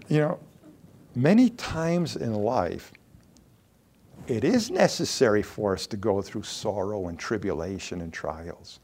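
A man's voice: mid-range voice, wildly swooping pitch, normal speed, darkish tone. A man preaching a conversational sermon to a congregation, growing emphatic when he acts out quoted lines.

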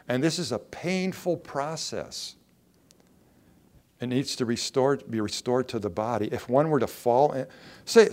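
A man's voice: mid-range voice, a little mellow. A man preaching a sermon in a conversational way, asking the listeners questions and acting out short quotes. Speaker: pastor.

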